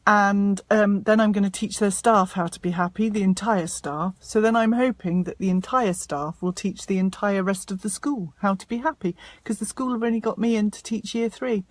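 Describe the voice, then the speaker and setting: A woman's voice: mid-range voice, no echo. Bubbly woman, live-stream chat from a car, dry close phone sound. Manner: chatty, bubbly, self-mocking. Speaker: self-help author and happiness coach. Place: inside a parked car. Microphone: phone propped up in front of her.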